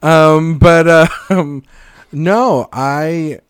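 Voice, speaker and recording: A man's voice: fairly high pitch, very slow, smooth, dry recording. Dry, close-miked man joking around. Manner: rambling, jokey, swears freely, laughs mid-sentence. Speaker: podcast co-host. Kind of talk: casual film podcast chat.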